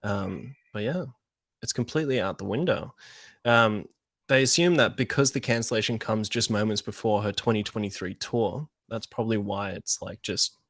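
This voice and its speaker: A man's voice: on the low side, moderate pace, a bit bright, no echo, clean studio sound. A man co-hosting a casual movie news podcast with an Australian accent, joking and laughing often. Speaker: podcast co-host. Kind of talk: casual chat.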